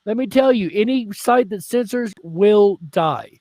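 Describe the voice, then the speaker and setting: A man's voice: high voice, expressive, a little slow, dark tone, no echo. A man who hosts a radio show, guesting on a casual live-stream chat, blunt and profane as he rants.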